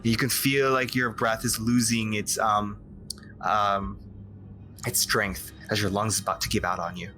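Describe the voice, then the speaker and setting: A man narrating as game master in a tabletop game, with slow, descriptive storytelling that halts on fillers. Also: fairly low pitch, little pitch movement, sharp tone, a little hiss or hum.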